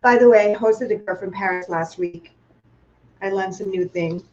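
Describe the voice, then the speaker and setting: A woman's voice: mid-range voice, normal speed, a little mellow, highs cut off, slight background noise. A woman from Thailand with a Thai accent, hosting a live online cooking class, chatty and playful, asking viewers questions as she works.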